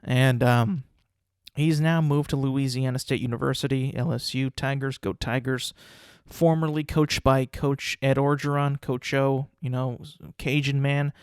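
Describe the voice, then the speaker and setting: A man's voice: medium pitch, steady tone, unhurried, clean tone, no echo, studio quality. A young man hosting a podcast, ranting casually about sports, rambling and repeating words as he restarts sentences. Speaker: podcast host.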